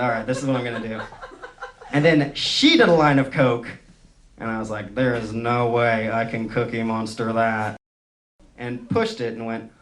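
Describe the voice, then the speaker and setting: A young male stand-up comedian from San Francisco, telling self-mocking stories in a wry, deadpan way on a club stage. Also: sits high. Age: young adult. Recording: noisy live club recording.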